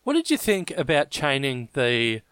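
A man's voice: mid-range voice, huge pitch swings, moderate pace, a bit bright, smooth, dry recording. An Australian man co-hosting a film podcast, teasing and wisecracking in casual chat. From Melbourne, Australia. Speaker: podcast co-host.

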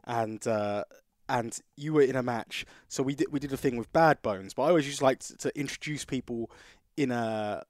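A man co-hosting a podcast, chatting casually into a studio mic. His voice sits at an ordinary pitch, and he keeps restarting his sentences as he rambles through a story. The sound is dry and close, with no room echo. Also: normal speed. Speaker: podcast co-host.

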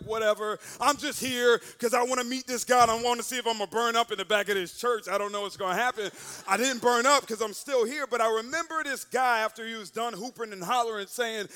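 High, bright-voiced man preaching a story. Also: clean tone. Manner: animated, acts out quotes with sudden loud bursts. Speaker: guest speaker. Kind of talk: storytelling sermon.

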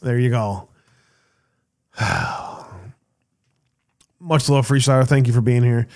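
A man's voice: mid-range voice, fairly even intonation, slow, darkish tone. A man hosting an online talk show, reading out news stories with sarcastic asides, laughing and swearing casually. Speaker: show host.

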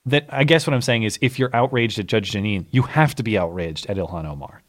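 A man's voice: on the low side, fairly quick. A man co-hosting a live-stream talk show, speaking casually with hesitations and restarts. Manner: hesitant, restarts, qualifies his points. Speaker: podcast co-host.

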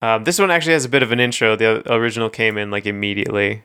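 A man's voice: lowish voice, fairly even intonation, very fast, bright, forceful tone, clean tone. A young man co-hosting a podcast, chatting casually and rambling about music with hesitant ums. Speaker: podcast co-host.

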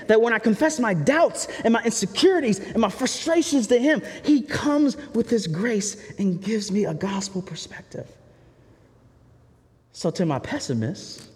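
A man preaching a sermon in a candid, conversational way, often turning to the listeners with asides. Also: sits high. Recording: reverberant hall.

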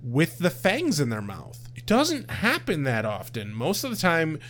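A man's voice: on the high side, wildly swooping pitch, a little slow, a bit bright, slight background noise. A man co-hosting a podcast, chatting casually in a laid-back, profane way with frequent laughs. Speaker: podcast co-host. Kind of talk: casual chat.

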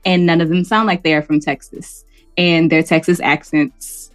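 A woman's voice: low-pitched, fairly even intonation, normal speed, dry recording, faint music behind. A woman co-hosting a podcast, chatting casually and laughing often. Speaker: podcast co-host. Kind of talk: casual chat.

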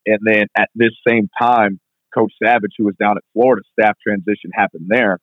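A strength coach being interviewed, telling stories in a fast, casual way full of "like". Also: male voice, on the low side, steady tone, no echo. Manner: fast, filler-heavy, constant "like". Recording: tinny phone-like line, dry.

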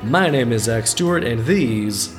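A man's voice: mid-range voice, expressive, unhurried, music in the background. Wry man telling a folk tale. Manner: wry, irreverent, conversational. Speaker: podcast host and storyteller. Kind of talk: casual storytelling narration.

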